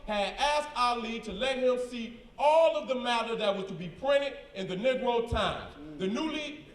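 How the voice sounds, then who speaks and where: A man's voice: very high-pitched, roomy sound, far from the mic. A man in a live debate, reading documents aloud with emphatic, combative slang asides. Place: event hall with a crowd.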